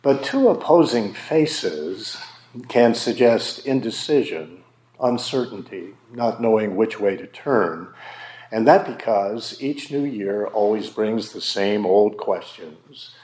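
A man preaching a sermon as a pastor, slow and emphatic with dramatic pauses. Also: on the low side, expressive, a little mellow, echoey room.

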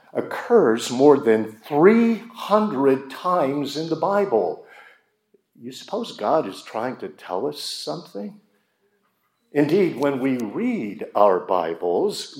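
A man's voice: mid-range voice, darkish tone. A man preaching a sermon, speaking emphatically and asking his listeners rhetorical questions. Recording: roomy echo.

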